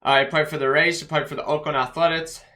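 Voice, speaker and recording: Bright-voiced frustrated fan man. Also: fairly high pitch, fairly even intonation, fast talker. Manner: frustrated, blunt, rattles off stats and names. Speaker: fan vlog host. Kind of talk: post-game fan rant.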